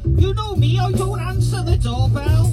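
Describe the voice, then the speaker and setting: A woman's voice: extremely high pitch, lively intonation, measured pace, recorded from a distance. A woman playing a foul-mouthed, grumpy old grandmother who rambles and scolds on a voicemail. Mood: scolding. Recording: from afar over loud music.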